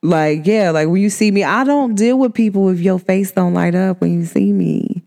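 A woman hosting a podcast, talking casually and emphatically to her listeners, full of "like" fillers, her voice swinging up high when excited. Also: moderate pace, creaky. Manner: chatty and emphatic, many "like" fillers. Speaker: podcast host.

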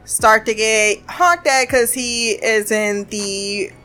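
A woman casually recapping a TV episode, chatty and laughing, quoting characters in quick bits. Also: on the high side, steady tone, pushed and bright, soft background music. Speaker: show recapper.

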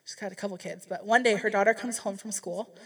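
A woman's voice: mid-range voice, steady tone, fast talker, a bit bright, husky, recorded from a distance. A woman speaking to a church group, telling a story in a chatty, rambling way with frequent restarts. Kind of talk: casual sermon storytelling.

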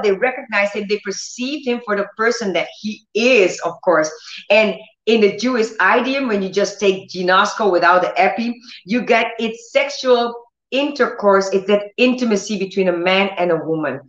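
A middle-aged woman preaching and telling a personal testimony in an earnest, storytelling way, with restarts and laughter. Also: mid-range voice. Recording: roomy, slightly dull recording.

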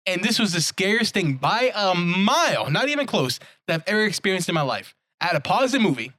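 A young man co-hosting a podcast, telling stories in an animated, casual way and swearing freely. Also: high-pitched, a little fast, no echo, clean studio sound. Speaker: podcast co-host. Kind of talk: casual chat.

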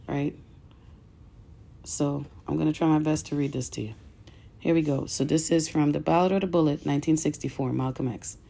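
A woman with a low, gravelly voice hosts a podcast and speaks straight to her listeners. Her tone is mellow and dark. She reads aloud with earnest emphasis and stumbles now and then. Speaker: podcast host. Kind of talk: podcast commentary and reading aloud.

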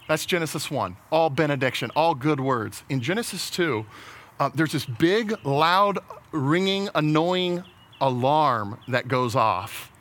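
A man's voice: on the high side, a bit bright. A man preaching a sermon in a casual, conversational way, often restarting his words and laughing at his own jokes. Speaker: pastor.

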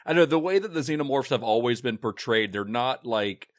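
A man talks casually on a film discussion podcast, telling the story behind a movie with easy chuckles. His voice sits at a middling pitch, recorded dry and close with no room sound. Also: a little fast, no room sound. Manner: relaxed, recounts film history, chuckles often. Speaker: podcast host.

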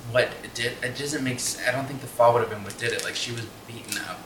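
A man's voice: medium pitch, fairly even intonation, fast, a bit bright, slight background noise. A man co-hosting a podcast, rambling casually and thinking aloud with many restarts. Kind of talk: casual chat. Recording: echoey room.

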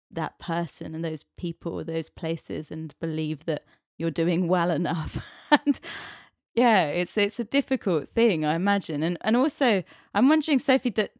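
A woman's voice: fairly low pitch, a little mellow, dry recording, clean studio sound. Reflective woman podcast host. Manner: thoughtful, reflective questioning. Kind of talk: interview questions.

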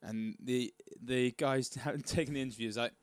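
A man co-hosting a casual podcast, wry and quick to swear and laugh along. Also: mid-range voice, steady tone, no echo. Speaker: podcast co-host.

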